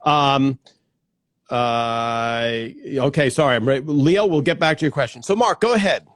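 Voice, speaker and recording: Man, live-stream host, casual chat, greets viewers, mid pitch, dry close sound. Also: a little slow, no room sound. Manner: chatty, greets viewers by name, restarts often. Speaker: livestream host. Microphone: plugged-in desk microphone.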